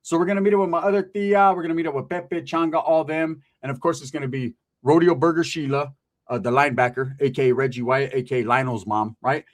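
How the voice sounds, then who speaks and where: Fast-talking, profane man telling stories. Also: fairly high pitch. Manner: profane, streetwise, animated character voices. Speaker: comedian. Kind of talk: stand-up storytelling.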